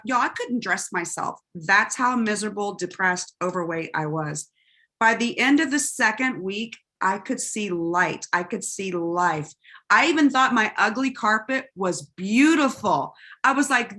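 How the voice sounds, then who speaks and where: Sassy animated woman. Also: mid-range voice, normal speed. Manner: sassy, animated, self-mocking. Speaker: guest sharing testimony. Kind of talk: lively call testimony.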